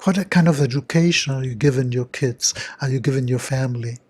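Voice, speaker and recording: Husky older man. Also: medium pitch, darkish tone. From Argentina. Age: 60s. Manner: slow, repetitive, earnest questioning. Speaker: self-help speaker. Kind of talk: motivational guided affirmations.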